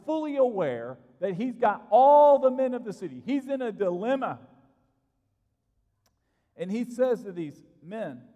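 Guy preaching a sermon, high voice that swings all over, big echo off the church walls. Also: a little mellow. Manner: emphatic, repeats key phrases for stress. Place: church sanctuary. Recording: long reverb from a church hall.

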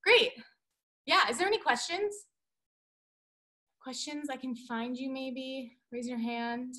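High-voiced woman teaching dance online. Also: slow. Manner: energetic, playful, counts beats aloud. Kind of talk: online dance class instruction. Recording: roomy echo.

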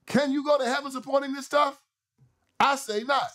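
A man's voice: very high voice, steady tone, moderate pace, a bit bright. A man hosting a political commentary show, delivering an emphatic, repetitive, sermon-like monologue. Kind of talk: preachy monologue.

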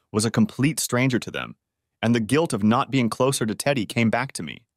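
A man's voice: medium pitch, sing-song, a little fast, no room sound, studio quality. A man narrating a first-person story as an audiobook, lightly voicing the characters.

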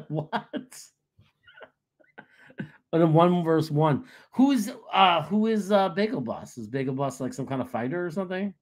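Brief: New man, sports stream host, slightly high husky voice, joking and boastful banter. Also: expressive, measured pace, long pauses. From New York. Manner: joking, boastful, laughs often. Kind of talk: casual live-stream banter.

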